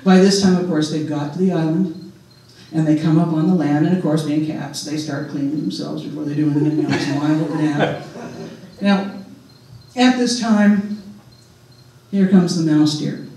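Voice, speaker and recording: A man's voice: on the high side, steady tone, normal speed, long pauses, dark tone. A man telling a folk tale live to an audience, casual and chatty, with joking asides. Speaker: storyteller. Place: large hall with a live audience. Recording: echoey hall, voice from far off.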